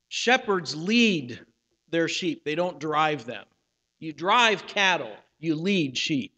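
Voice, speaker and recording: Male pastor, high voice, sermon, slowed emphatic phrases, long church reverb. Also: fairly bright tone. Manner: restarts and fillers. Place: church sanctuary.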